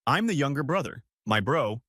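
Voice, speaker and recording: Guy in his 30s reading a forum post out loud, casual venting tone, voice jumps around a lot, dry close sound. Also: mid-range voice, very animated, moderate pace, dry recording. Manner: casual confessional storytelling. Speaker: story narrator.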